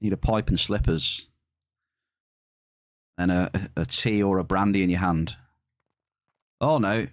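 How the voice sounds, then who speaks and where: A man chats his way through a live game stream, joking with and teasing his viewers. His voice sits a little low, and the sound is dry and close, with no room around it. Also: unhurried, long pauses, no echo. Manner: playful, teasing banter with chat.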